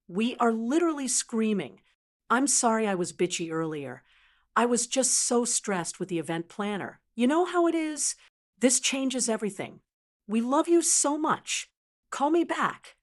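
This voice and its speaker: A woman voicing an adult daughter who talks in breathless, high-pitched gushes. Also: expressive, a little slow. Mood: gushing. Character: adult daughter, gushing then panicked.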